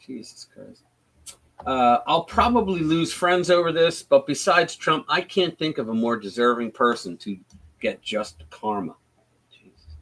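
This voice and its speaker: A man hosting a casual live stream, blunt and profane in his commentary. His voice rides a wide, animated range of pitch while he stumbles through restarts and retells events with energy. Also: measured pace, rough recording. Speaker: livestream host.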